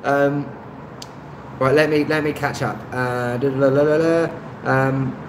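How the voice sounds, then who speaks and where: A man's voice: medium pitch, steady tone, takes it slowly. An Englishman hosting a casual live stream and reading out viewer comments. He rambles, hesitates often with "um," and laughs lightly between remarks. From England. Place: indoor room, street traffic outside. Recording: echoey room with faint street noise.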